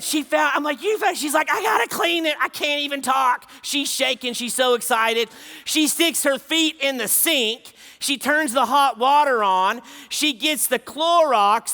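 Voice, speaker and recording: A middle-aged man preaches a sermon at a conference in a high-pitched, pushed, bright voice. He is emphatic, repeating key phrases to drive them home, and the recording carries a long hall reverb.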